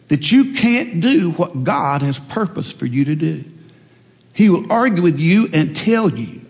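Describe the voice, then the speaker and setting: A middle-aged male preacher giving a folksy, animated sermon full of stories. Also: high voice, long reverb tail.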